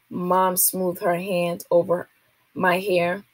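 A woman, a teacher, reading a children's novel aloud to a class in a steady, expressive way. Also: lowish voice, measured pace, husky, no room sound.

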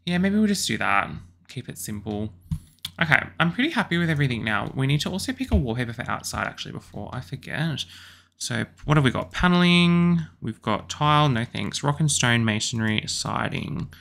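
A young Australian man chatting casually and excitedly as he builds a house in a video game, with lots of apologetic asides. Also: mid-range voice, a little fast, creaky. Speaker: YouTuber building houses in a life-sim game. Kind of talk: casual gameplay commentary.

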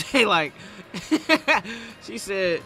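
A young man streaming a game, chatting casually and yelling at his teammates. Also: high voice, animated, drawn-out words, vocal fry. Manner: trash-talking, breaks into loud yelling at teammates. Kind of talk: casual gameplay commentary.

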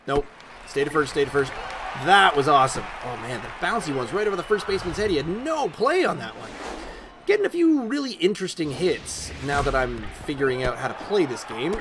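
A man giving chatty, excitable let's-play commentary and talking back at the game as he plays. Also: fairly high pitch, brisk. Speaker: gaming YouTuber. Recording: loud game crowd and ambient noise behind the voice.

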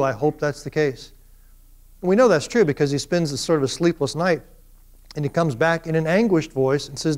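A man's voice: on the high side, moderate pace. A middle-aged man giving a classroom lecture, telling stories with energy and acting out the quoted lines. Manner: animated storyteller, acts out quoted speech. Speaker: professor.

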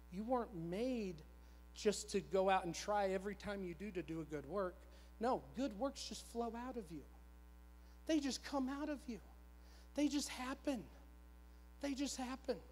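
A man's voice: high-pitched, a little slow, pauses often, a little mellow, a little hiss or hum. A man in his thirties preaching a sermon in a church, telling a personal story in a conversational, repetitive, self-deprecating way. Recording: long church hall reverb.

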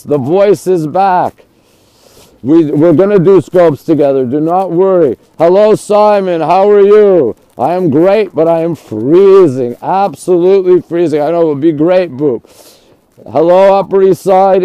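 A man's voice: fairly high pitch, dark tone, smooth, no echo, low-quality recording. A man hosting a live phone stream, touring the city view and greeting viewers by name as he reads their comments. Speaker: livestream host.

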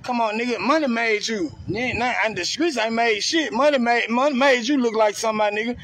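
A man launches into a heated, profane rant on a live video. His voice sits very high and rings bright and forceful, and he keeps hammering the same taunts. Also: fairly quick, slight background noise. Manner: confrontational, repetitive taunting. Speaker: streamer ranting on a live video.

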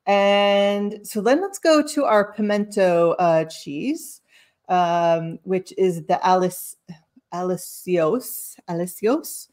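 A woman's voice: medium pitch, fairly even intonation, takes it slowly, a little mellow. A woman hosting a casual cheese tasting chat, explaining each cheese with many fillers and self-corrections. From lives in Sicily. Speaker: cheese box host.

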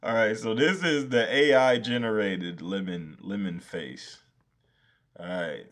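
Slow, deep-voiced man streaming casually. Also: a bit bright. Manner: talks to himself, swears freely, frustrated and laughing. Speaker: graphic design streamer. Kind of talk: casual live-stream commentary.

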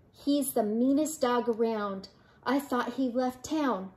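Grandma reading a kids picture book out loud, high voice, takes it slow, playful animal voices. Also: female voice. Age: older. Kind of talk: children's picture book read-aloud.

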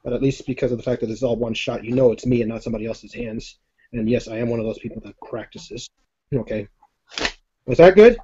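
A man doing a live card-magic demonstration on a video call, talking in a jokey, excitable, rambling way with self-deprecating asides. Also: medium pitch, fast talker, husky. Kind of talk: chatty live-stream demonstration. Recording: dull lo-fi stream audio.

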